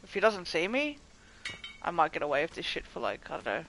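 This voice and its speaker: A young man chatting casually to his viewers during a game livestream, excitable and swearing often. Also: fairly high pitch, a little fast, a little hiss or hum, poor audio. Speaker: gaming livestreamer. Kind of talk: casual live commentary to chat.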